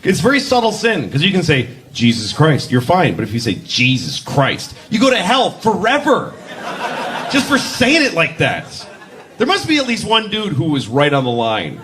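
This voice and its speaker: A man's voice: sits high, normal speed, slight background noise. A male stand-up comedian performing a set, mock-outraged and acting out characters. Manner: animated, mock-outraged, acts out voices. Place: comedy stage. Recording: live club with audience laughter.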